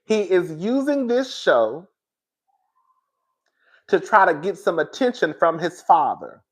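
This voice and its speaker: Very animated yet slow, this high-voiced man offers reality TV commentary to his viewers. He's candid and foul-mouthed, wandering off on tangents and frequently starting his sentences over.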